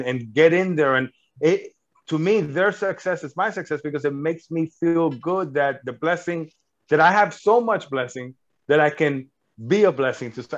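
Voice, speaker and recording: A middle-aged man, a filmmaker and actor, talking in a casual interview, earnest and rambling with many fillers and restarts. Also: on the high side. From United States. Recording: dull lo-fi audio.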